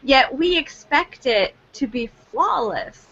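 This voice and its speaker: Bubbly high-voiced woman co-host. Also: takes it slowly, vocal fry, lo-fi sound. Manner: animated, laughing, acts out quoted reactions. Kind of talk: casual chat.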